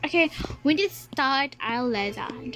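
A woman's voice: sits high, lively intonation, unhurried, fairly bright tone. A woman voicing a fussy schoolteacher in a toy-game story, scolding her class. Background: background music.

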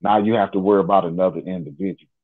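A man's voice: low voice, very fast, creaky. A man telling a story casually as an interview guest, with folksy phrasing, acting out the people he quotes. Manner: animated, acts out dialogue in shifting voices. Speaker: interview guest recounting an encounter. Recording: tinny phone-like line.

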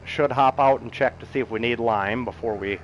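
A man's voice: medium pitch, moderate pace, dull audio, a little hiss or hum. Easygoing middle-aged man narrating his gameplay. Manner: chatty, easygoing, chuckles often, talks to himself as he plays. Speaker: game streamer. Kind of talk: casual gameplay commentary while reading chat.

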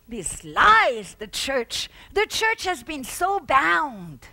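A woman pastor preaching a fervent sermon, shouting out exclamations and repeating words for emphasis. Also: sits high, sing-song, extremely slow, vocal fry, few pauses, a little hiss or hum.

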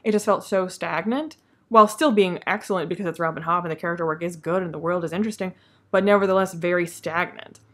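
A woman chatting casually through her monthly reading wrap-up, opinionated and quick to laugh. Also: lowish voice. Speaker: book reviewer.

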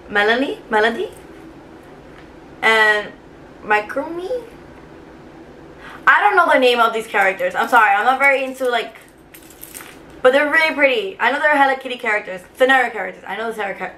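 Young woman vlogger, higher voice, rambling emotional chat with lots of fillers, light noise behind. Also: animated, brisk, pauses often, pushed and bright. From Cuba. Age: 20s. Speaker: vlogger, teacher. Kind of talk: casual chat to camera. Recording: faint background noise.

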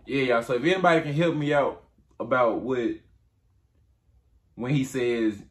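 A man's voice: medium pitch, unhurried, long pauses. A man casually retelling a Bible story to listeners in a conversational way.

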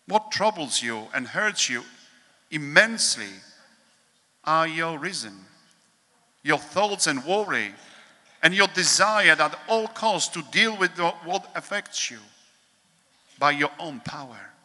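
Slow, bright-voiced priest in a large hall. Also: male voice, on the high side, sing-song. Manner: slow, measured, solemn reading with pauses. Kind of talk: reading a devotional meditation at a holy hour.

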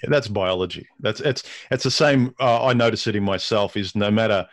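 A man's voice: lowish voice, no room sound. A man as a guest in a casual discussion, often repeating words as he works out his thoughts. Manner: halting, repeats words while thinking.

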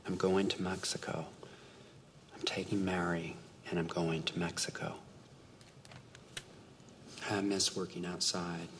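An actor playing a grown adopted son who calmly tells his father he is leaving, speaking in a quiet, measured, halting way. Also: low voice, a little hiss or hum. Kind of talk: amateur film scene re-enactment.

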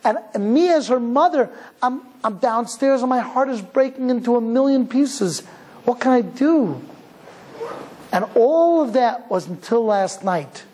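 A man's voice: extremely high pitch, animated, measured pace, a little mellow, a little hiss or hum, voice pushed up, rough recording. A man voicing a heartbroken mother who speaks in a tearful, emotional, pleading way as she tells another mother about her daughter.

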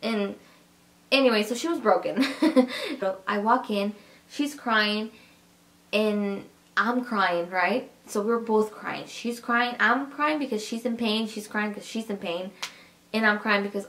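A woman's voice: mid-range voice, moderate pace, fairly bright tone. A young woman vlogger telling a personal story to her viewers in a chatty, emotional way, talking to them directly. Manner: chatty and emotional, addresses viewers as "you guys". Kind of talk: casual personal storytelling to camera.

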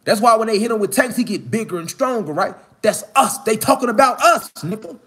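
A man delivering a slang-heavy, preaching-style monologue outdoors, building to shouted emphasis. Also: high-pitched, animated, a little fast, breathy edge. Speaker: online spiritual speaker. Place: outdoors in the mountains.

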